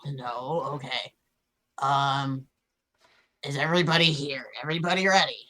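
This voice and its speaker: Brash, low-voiced woman playing a tabletop game. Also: fairly even intonation, normal speed, bright, forceful tone. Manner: brash, crude, joking. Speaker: player. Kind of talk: casual tabletop game chat.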